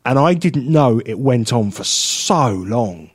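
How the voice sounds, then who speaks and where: In a radio studio, a male co-host tells a chatty story, laughing often and putting on voices for his anecdotes. His mid-range voice is husky and slow, with no echo.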